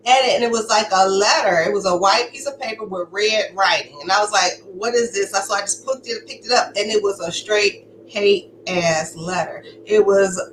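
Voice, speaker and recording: A woman's voice: medium pitch, moderate pace, hardly any pauses, fairly bright tone. A woman giving a candid personal testimony, talking in a conversational, emphatic way. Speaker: storyteller sharing her survival story. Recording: echoey room with faint background noise.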